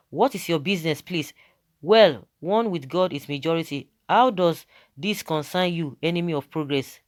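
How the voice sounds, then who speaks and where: A man's voice: fairly high pitch, clean tone. A man with a Nigerian accent, hosting an online commentary and reading out viewer comments, switching between Pidgin and English with emphasis.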